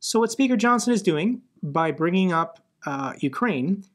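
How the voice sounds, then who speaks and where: A man's voice: sits high, animated, moderate pace. An American man hosting a political commentary channel, blunt and indignant. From United States. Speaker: host.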